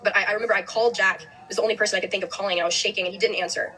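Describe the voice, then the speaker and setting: Fast-talking young woman telling a story. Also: mid-range voice, fairly even intonation, bright, forceful tone, poor audio. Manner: fast, heavy use of "like", restarts. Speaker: host. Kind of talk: emotional storytelling on a podcast.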